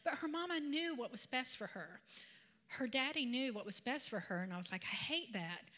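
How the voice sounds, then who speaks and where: Bright-voiced woman preacher in her fifties. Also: high-pitched, brisk. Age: 50s. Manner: conversational, animated storytelling with asides. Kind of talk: sermon with personal storytelling.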